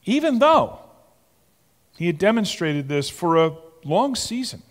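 A male pastor preaches slowly and deliberately, stretching his phrases. His pitch swings widely as he builds to emphatic points. His voice rings out with the long reverb of a large church sanctuary. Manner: slow, emphatic, rising to animated exclamations. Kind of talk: sermon.

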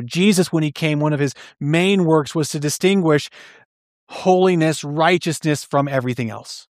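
A man's voice: a little high, no room sound. Earnest male preacher, dry close sound. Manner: earnest, questioning, explains slowly with restarts. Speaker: pastor. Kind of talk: sermon.

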